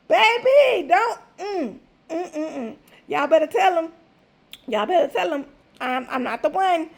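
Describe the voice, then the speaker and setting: A woman, chatting to her viewers in a vlog with animated, drawn-out exclamations. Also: very high-pitched, creaky. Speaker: vlogger. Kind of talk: casual chat to viewers.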